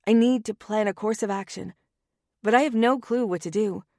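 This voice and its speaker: A woman narrating a first-person romance audiobook in a wry, anxious and often hushed manner, on a close studio mic. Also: medium pitch, normal speed, no room sound.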